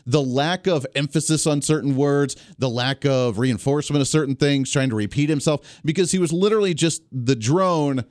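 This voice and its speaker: A man hosting a talk radio show, giving sarcastic, animated, unscripted political commentary. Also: on the high side, moderate pace, few pauses, dry recording, clean studio sound.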